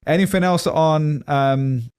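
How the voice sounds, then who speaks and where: A man's voice: fairly high pitch, takes it slowly, darkish tone, clean tone. A man co-hosting a podcast in casual chat, talking at length and laughing easily. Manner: chatty and rambling, laughs easily. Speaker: podcast co-host.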